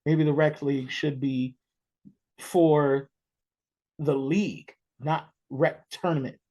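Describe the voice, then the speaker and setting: A man from New York hosting a podcast, chatting casually and telling stories in an animated, excitable way. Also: fairly high pitch, takes it slowly, lo-fi sound. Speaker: podcast host. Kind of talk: casual interview chat.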